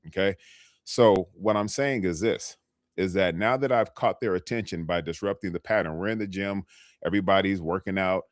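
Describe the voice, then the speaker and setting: Lower-pitched man, dry motivational coaching talk. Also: no room sound. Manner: conversational, motivational, frequent "okay?" check-ins. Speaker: health coach. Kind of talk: live-stream coaching talk. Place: lives in California.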